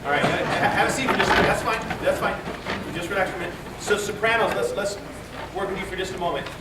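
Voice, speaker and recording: A choir director leads a rehearsal in a large, echoey hall, speaking quickly in a high male voice over a noisy crowd. He is encouraging, repeats his words, and sings phrases to demonstrate. A distant recorder picks him up from far off, and the result is reverberant and hissy.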